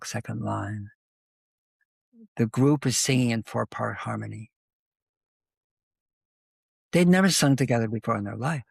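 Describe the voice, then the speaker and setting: A man's voice: fairly low pitch, creaky, husky, no room sound. An older man telling a long, rambling story as a guest in an interview, with many asides. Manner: rambling anecdotal storytelling, animated.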